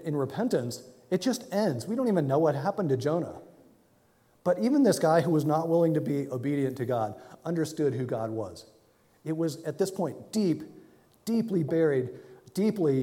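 A man preaching a sermon in a relaxed, conversational way, sometimes acting out the figures in his story with a raised voice. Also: on the high side. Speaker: pastor. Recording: long hall reverb.

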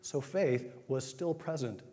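A man giving an informal sermon, retelling scripture in a conversational way with quick acted asides. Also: mid-range voice, mellow. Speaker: preacher. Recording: long hall reverb.

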